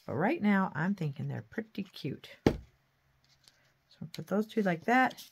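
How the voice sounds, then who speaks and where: A woman talks her way through a craft project in a relaxed, homey way, humming little nonsense tunes between remarks. Her pitch sits mid-range for a woman. Her chatter is playful and folksy. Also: measured pace, creaky, background noise. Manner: chatty, talks to herself while working, hums and sings nonsense sounds. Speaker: craft channel host. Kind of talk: casual craft tutorial chat.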